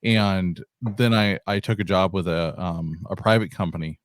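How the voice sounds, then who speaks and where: A man's voice: sits low, moderate pace, dry recording, studio quality. A man hosting a casual interview, talking conversationally with many fillers. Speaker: host.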